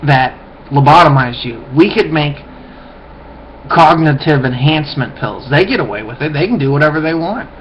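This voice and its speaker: A man's voice: fairly high pitch, animated, normal speed. A man rambling through a loose, profane webcam monologue, often trailing off and mumbling. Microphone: webcam mic. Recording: dull lo-fi webcam audio, faint hiss.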